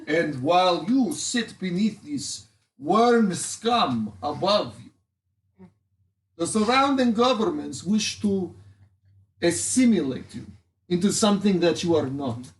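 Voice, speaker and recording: A man voicing a grandiose male space politician with a put-on Russian accent, giving slow, pompous speeches. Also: high-pitched, expressive, echoey room, distant mic. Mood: rousing.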